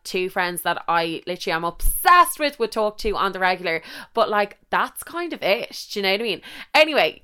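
Bright, crisp-voiced Irish woman rambling. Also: mid-range voice. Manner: rambling, swears freely, self-interrupting. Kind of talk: casual monologue storytelling.

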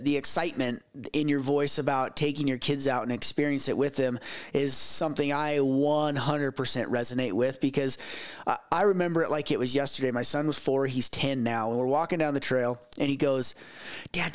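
A man in his thirties chatting casually, halting, with many restarts and repeated words. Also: a little high, clean tone. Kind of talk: casual chat.

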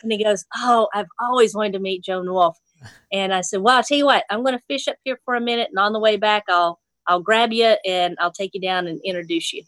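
A woman's voice: mid-range voice, a little fast, a bit bright, no room sound. A woman from Nashville, a fly fishing instructor, telling a fishing story in casual chat, laughing often and acting out the voices she quotes. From Nashville, Tennessee.

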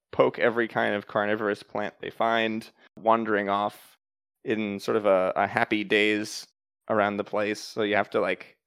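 A man running a tabletop game as game master, explaining rules and narrating in a calm, matter-of-fact way. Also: lowish voice, creaky, no room sound.

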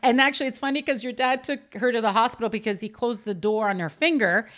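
Middle-aged woman, mother of the host, bright voice, slightly high, animated storytelling. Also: fast. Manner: animated, laughing, acts out quotes. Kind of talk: casual chat.

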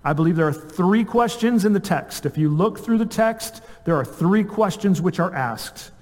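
A male pastor preaching an earnest sermon, asking rhetorical questions and dropping to a soft voice on key words. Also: high voice, expressive, normal speed. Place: church sanctuary. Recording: long reverb of a church hall.

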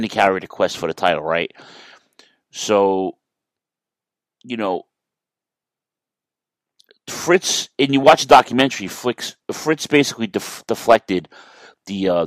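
Rambling low-voiced man, dry sound. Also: no room sound, rough recording. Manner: rambling, self-correcting, profane. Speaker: wrestling history commentator. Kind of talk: casual monologue.

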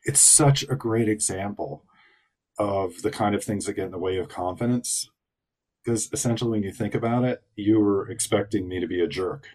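A man with a lowish voice speaks as a podcast guest. He talks in a reflective, considered way as he explains his ideas. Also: moderate pace, a little mellow. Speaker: guest psychologist. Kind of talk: podcast interview.

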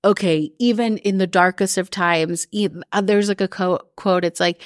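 Speaking in a slightly low, steady voice, this woman coaches her podcast listeners toward their goals in a loose, live-recorded chat packed with "like." She briefly mimics other people with quick put-on voices. Her audio is close and dry, without any echo or room sound.

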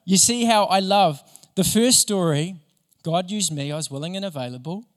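A man's voice: high-pitched, normal speed. Man, enthusiastic preacher, sermon in a long-reverb church hall. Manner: animated, enthusiastic storyteller. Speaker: pastor. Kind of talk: sermon with storytelling.

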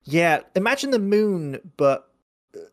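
A man's voice: high voice, measured pace, dry recording, studio quality. A man co-hosting a horror podcast, chatting casually and animatedly, often acting out scenes. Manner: animated, rambling, acts out scenes. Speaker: podcast co-host. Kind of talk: casual film-review chat.

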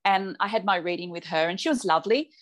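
A woman with a somewhat low voice talks casually as a podcast guest. She is a chatty storyteller who acts out the dialogue she quotes. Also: fast. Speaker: clairvoyant medium guest.

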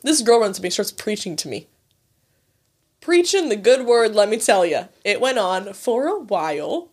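A woman's voice: medium pitch, very animated, normal speed, a little mellow, husky. A young woman in her twenties co-hosting a casual chat, telling stories with lots of "like" and plenty of swearing. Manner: chatty storyteller, lots of "like", swears freely.

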